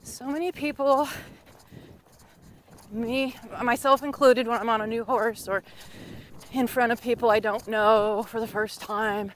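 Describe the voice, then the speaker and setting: A woman's voice: a little high, fairly even intonation, a little slow, pauses often. A woman riding instructor teaching while she rides a horse outdoors in the wind, coaching in a teasing, encouraging way.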